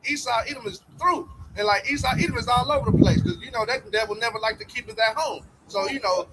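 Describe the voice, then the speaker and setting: A man reading scripture aloud slowly and deliberately, with hesitations, then preaching on it. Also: very high-pitched, very noisy. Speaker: scripture reader.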